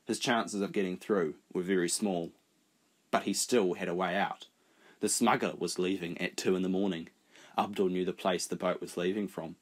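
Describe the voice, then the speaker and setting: A man narrating an audiobook in a steady, measured reading voice. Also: low-pitched. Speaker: audiobook reader. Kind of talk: scripted narration.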